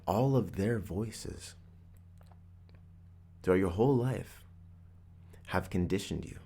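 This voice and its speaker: A man's voice: deep voice, slow, warm tone. A man hosting a podcast, telling a personal story in an earnest, reflective motivational monologue. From Canada. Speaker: podcast host.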